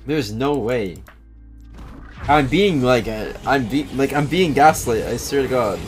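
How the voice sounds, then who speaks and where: A man streaming a video game live, talking to chat in an animated, incredulous way. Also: medium pitch, a little slow, soft background music. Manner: animated, incredulous, thinks aloud. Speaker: gaming streamer. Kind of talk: live gameplay commentary and chat reading.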